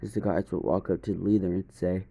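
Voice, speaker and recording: A man narrating a fan fiction story in a steady, monotone way. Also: sits low, fast, creaky, breathy edge.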